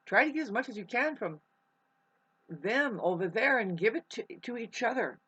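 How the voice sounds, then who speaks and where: In a muffled lo-fi recording, a woman vlogger rambles casually, eating, swearing freely and often restarting sentences. Her voice is a little high, pushed, bright and slightly rough, with lively intonation at a normal speed.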